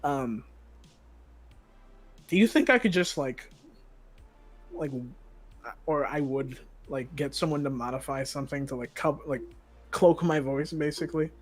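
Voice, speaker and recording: A man's voice: on the high side, a little slow, long pauses, soft background music, low-quality recording. Rambling young-sounding man at the game table. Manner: rambling, full of fillers and swearing. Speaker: player. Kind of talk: casual tabletop game chat.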